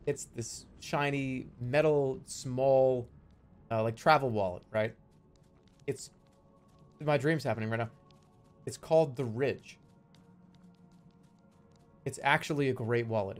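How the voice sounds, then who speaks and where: A man's voice: mid-range voice, takes it slowly, pauses often, soft background music. A young man streaming, telling his dreams in casual chat, acting out the voices and swearing freely. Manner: animated storytelling, acts out quotes with profanity.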